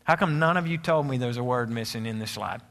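A man's voice: mid-range voice, fairly bright tone. A man, preaching a sermon as pastor, joking with the congregation and stretching words out for emphasis. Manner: joking asides, preaching cadence with drawn-out emphasis.

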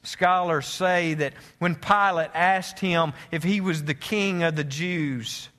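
A man preaching with a high, bright voice and earnest conviction. He often stumbles and restarts mid-phrase. For the gravest points he drops lower and quieter. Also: takes it slowly. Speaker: pastor. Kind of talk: sermon.

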